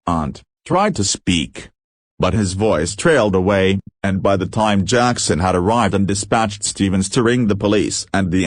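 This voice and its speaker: A man reads a story aloud in a measured, deliberate way, as an audiobook narrator. His voice is on the low side, and it is recorded close and dry with no room echo. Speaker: audiobook reader.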